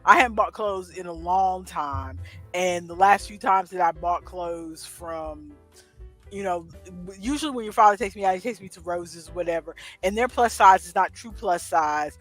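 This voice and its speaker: A woman's voice: lowish voice, moderate pace, a bit bright, soft background music. A middle-aged woman co-hosting a casual chat, telling a story with chatty asides. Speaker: co-host.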